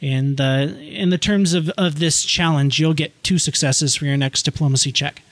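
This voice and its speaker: A man narrating as game master, talking in halting bursts with many restarts. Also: fairly high pitch, fairly bright tone, no room sound.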